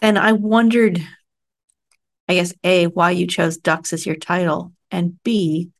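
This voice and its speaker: Host, woman, gravelly low-ish voice, measured questions. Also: steady tone. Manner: thoughtful, measured questions with hesitations. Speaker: podcast host, interviewer. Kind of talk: conversational interview.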